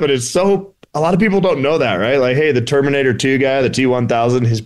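Man, musician guest, casual storytelling, animated, mid-pitched voice, mimics voices. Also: fast, few pauses. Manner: animated, chatty, mimics other people's voices in anecdotes.

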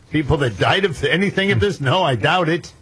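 A man's voice: a little high, lively intonation, normal speed, a bit bright, slightly rough. A man hosting talk radio, reading news items aloud and then chatting casually with his co-hosts. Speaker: radio show host.

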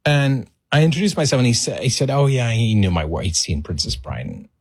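A middle-aged man telling an animated anecdote on a podcast and acting out the voices in his story. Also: mid-range voice, brisk, breathy edge, no room sound, clean studio sound.

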